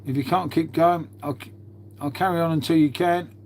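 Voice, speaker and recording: A man's voice: on the high side, fairly even intonation, normal speed, a little mellow. A middle-aged man rambles casually to his live-stream viewers, calling everyone mate and musing aloud while he tidies up. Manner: laid-back, calls everyone mate, muses aloud while tidying.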